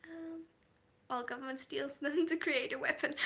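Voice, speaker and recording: A woman with a high, sharply bright voice chats casually with her livestream audience. She talks in an animated way, breaks into quick laughs, and restarts her sentences as she reacts to her viewers. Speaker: livestreaming story writer.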